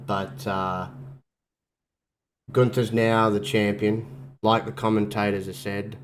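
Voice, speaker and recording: A man's voice: on the low side, a little hiss or hum. A man hosting a casual wrestling chat while sick with covid, coughing now and then and rambling through restarts. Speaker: podcast host.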